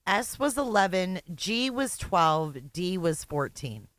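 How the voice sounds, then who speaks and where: A co-host making quick offhand remarks during a live stream. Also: medium pitch, sing-song, a bit bright, no room sound. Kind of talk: casual chat.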